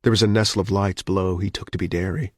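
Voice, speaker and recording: A man reading a thriller audiobook in a measured, even storytelling manner. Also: sits low, no room sound, clean studio sound. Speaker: audiobook narrator. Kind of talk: scripted narration.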